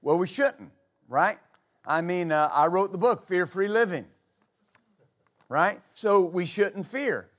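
High-voiced preaching pastor. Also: male voice, lively intonation, slow pace, pauses often, fairly bright tone. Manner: preaching with rhetorical questions, reading scripture aloud. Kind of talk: sermon. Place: church.

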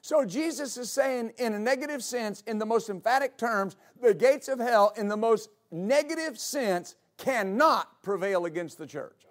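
A man with a high-pitched voice preaches a sermon as his church's pastor, speaking at a moderate pace with lively intonation. He drives key lines home by repeating them, building to emphatic peaks.

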